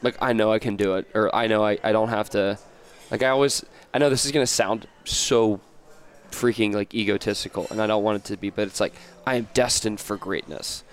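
A man from the United States in casual conversation, with a low-pitched voice. He tells stories in an animated, rambling way, restarting sentences and filling pauses as he goes. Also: clear, resonant tone. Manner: rambling, animated storytelling with many restarts and fillers. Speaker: podcast guest. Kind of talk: casual interview chat.

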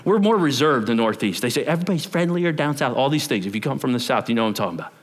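A man, a pastor, preaching a sermon in church, chatty and animated, bantering with the congregation and asking them questions. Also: mid-range voice, rapid-fire.

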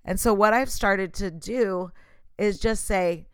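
A woman's voice: mid-range voice, slow pace, clean tone, no echo. A woman giving a casual motivational talk straight to the listener, passionate and emphatic.

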